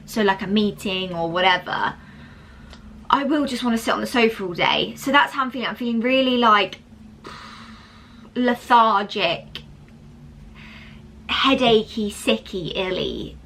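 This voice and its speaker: Bright-voiced woman vlogging. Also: medium pitch, animated, unhurried, gravelly, long pauses, a little hiss or hum, low-quality recording. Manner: chatty and rambling, with many fillers. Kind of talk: casual vlog talk to camera. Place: home.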